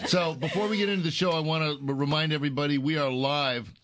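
A man's voice: fairly high pitch, fairly even intonation, fairly bright tone, no echo. Joking, bantering male radio host. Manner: joking, bantering, a bit halting. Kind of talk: casual food-and-drink talk show.

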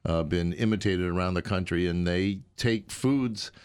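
Man, radio co-host, lowish voice, joking, casual chat. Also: normal speed, smooth. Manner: joking, playful asides.

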